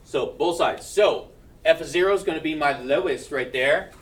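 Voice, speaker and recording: A man's voice: a little high, moderate pace, recorded from a distance. A male math teacher giving a classroom lecture, checking in with his students and joking between steps. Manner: keeps checking in with "right?", joking asides.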